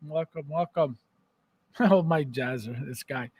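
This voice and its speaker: High-voiced man teasing live viewers. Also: a little slow. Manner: joking, teasing viewers by name. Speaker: podcast host. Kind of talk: casual livestream chat.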